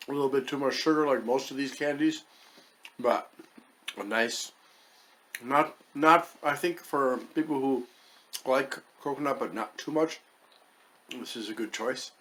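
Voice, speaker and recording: A man's voice: mid-range voice, unhurried, pauses often, a bit bright. Man muttering through a chocolate review. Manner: wry, hesitant, muttering while tasting. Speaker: food reviewer. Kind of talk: casual product review.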